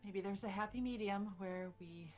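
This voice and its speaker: A woman's voice: medium pitch, normal speed, soft background music. A woman playing a tabletop role-playing game in character, dry and a little scolding. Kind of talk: in-character role-play banter.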